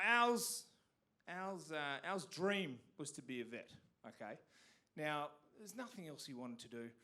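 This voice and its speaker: An Australian man doing stand-up on a theatre stage, telling stories animatedly and punching up the big lines loudly. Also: fairly high pitch. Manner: animated storytelling with sudden loud punchlines. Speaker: stand-up comedian. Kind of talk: stand-up comedy set.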